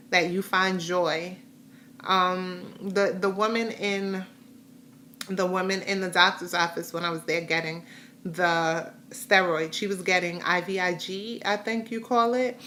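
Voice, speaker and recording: A woman's voice: medium pitch, pushed and bright, a little hiss or hum. A middle-aged woman chatting casually in a rambling, heartfelt way while giving a personal health update to her viewers. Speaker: vlogger sharing a health update.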